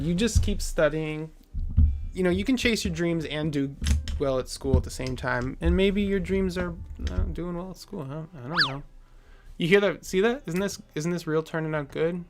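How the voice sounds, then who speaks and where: A man hosting a live stream, chatting casually with viewers and answering their comments in a rambling, jokey way full of fillers and chuckles. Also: a little high.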